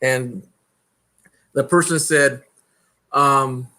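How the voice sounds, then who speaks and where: A man with a mid-pitched, bright and forward voice. He tells casual anecdotes to friends in a chatty way. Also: steady tone, drawn-out words, poor audio. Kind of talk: casual storytelling.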